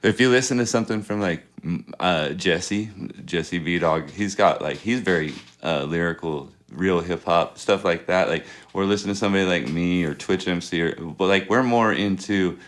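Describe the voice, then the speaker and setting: A man's voice: sits low, normal speed, hardly any pauses. A man in his thirties, a rapper and producer, telling rambling stories in a casual interview and chuckling often. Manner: laid-back, chuckles often, rambling anecdotes.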